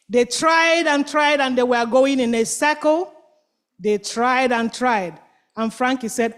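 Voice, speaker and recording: High-voiced woman telling a kids' story. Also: slow. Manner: animated, quizzing listeners with "what?" questions. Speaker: children's storyteller at church. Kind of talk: children's story with call-and-response. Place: church.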